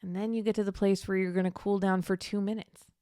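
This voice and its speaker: A woman hosting a podcast, coaching mothers in an encouraging, gently reassuring teaching monologue. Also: mid-range voice, level tone, fast talker, clear, resonant tone, no room sound, studio quality. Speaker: podcast host and Catholic mom coach.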